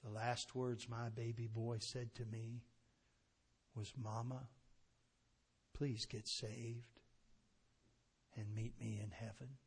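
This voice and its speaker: A preacher quoting a hushed grieving young woman. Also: mid-range voice, flat delivery, gravelly, slightly rough, full character voice. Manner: soft, hushed, slow.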